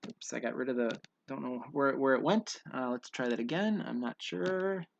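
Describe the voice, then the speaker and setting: A man's voice: medium pitch, normal speed, gravelly, muffled recording. A man teaching English pronunciation in an online lesson, patiently repeating each word for students to drill.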